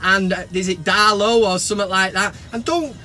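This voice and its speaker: An English man hosting a football fan vlog, talking to camera in an animated, sarcastic rant and swearing freely. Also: high voice, normal speed.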